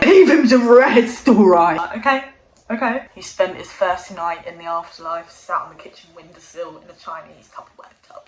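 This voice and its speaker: A young woman casually telling a comic story, swearing often in a deadpan way. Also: lowish voice. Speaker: vlogger. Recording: roomy echo.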